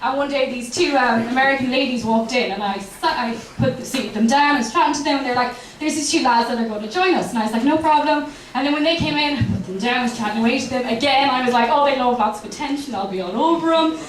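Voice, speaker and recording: A young Irish woman with a Kerry accent tells stand-up stories in a bright, high voice, chatty and self-mocking, swearing freely. Her voice bounces around an echoey comedy club, and the mic sounds distant. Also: quick pace, hardly any pauses, slight background noise. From Ireland.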